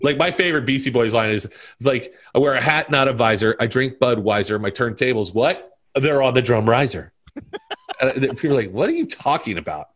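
A middle-aged man talking in a loose, rambling way, jumping from story to story and dropping movie lines as he goes. His voice sits at an ordinary middle pitch and he laughs often while he chats. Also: expressive, fairly quick, a bit bright. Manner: rambling, trades movie quotes with bursts of laughter. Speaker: podcast guest. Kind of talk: casual chat.

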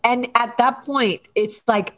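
A woman chatting casually as a podcast guest, enthusiastic and quick in banter. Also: fairly high pitch, steady tone. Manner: enthusiastic, laughing, fast banter. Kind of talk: casual chat.

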